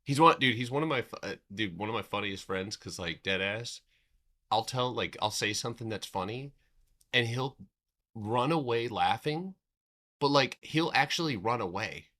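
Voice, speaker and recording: A man's voice: mid-range voice, lively intonation, normal speed, bright, forceful tone. A man from the United States hosting a trading livestream in loose, slangy chat, swearing and laughing often.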